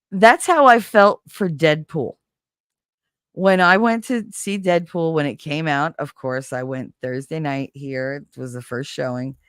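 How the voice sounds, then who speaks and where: A woman hosting a casual stream chat, telling stories in an animated way and laughing often. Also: deep voice, no room sound, studio quality. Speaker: streamer host.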